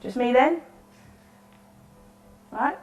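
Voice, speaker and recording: A woman's voice: sits high, lively intonation, very slow, a little mellow, heavily acted. A woman playing a lonely, rambling woman. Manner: rambling, apologetic, nervously cheerful. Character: lonely chatty woman at world's end. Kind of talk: solo interactive theatre monologue. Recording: echoey room, voice from far off.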